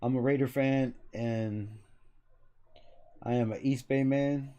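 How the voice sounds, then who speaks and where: A man's voice: mid-range voice, fairly even intonation, slow pace, mellow, lo-fi sound. Loose, chatty man talking sports. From Los Angeles, US. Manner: loose, chatty, swears freely, laughs at himself. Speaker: sports channel host. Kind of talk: casual sports commentary.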